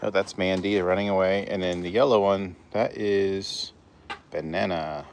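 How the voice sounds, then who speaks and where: Very low-voiced man, relaxed backyard vlog. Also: unhurried, slight background noise. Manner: relaxed, rambling, chatty with his hens. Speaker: backyard chicken keeper, vlogger. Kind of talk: casual walk-and-talk vlog. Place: outdoors in a backyard garden. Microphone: handheld phone camera.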